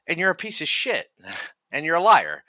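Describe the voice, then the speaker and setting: A man's voice: fairly high pitch, huge pitch swings, moderate pace, pushed and bright, no echo. A man hosting reaction commentary, ranting furiously and mockingly with constant swearing. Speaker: commentary host.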